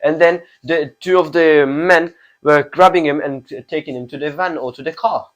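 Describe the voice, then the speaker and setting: A man's voice: on the high side, moderate pace, dull audio. A fifteen-year-old boy hosting his own channel, delivering an impassioned opinion monologue full of repeated rhetorical questions. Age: teens. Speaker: channel host.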